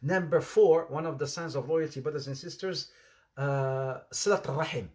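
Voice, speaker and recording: Speaking at normal speed, an animated male preacher with a high voice gives a relaxed Islamic sermon built around funny anecdotes. He mixes in Arabic phrases with his English, laughs at what he's telling, and voices the quoted characters himself.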